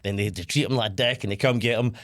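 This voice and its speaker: Animated man retelling film scenes. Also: on the low side, fast. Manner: animated storyteller, swears freely. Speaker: podcast co-host. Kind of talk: casual chat.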